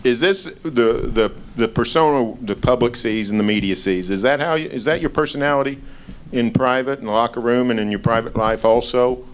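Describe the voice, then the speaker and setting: A man's voice: medium pitch, brisk, smooth. A male newspaper reporter asking long, wordy questions at a press event and restarting them as he goes.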